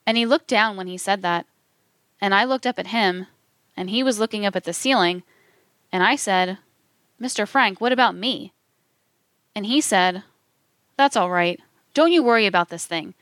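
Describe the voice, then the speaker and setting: A woman narrating from a script, reading historical testimony in a measured way and speaking the quotation marks aloud. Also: mid-range voice, a bit bright, no room sound.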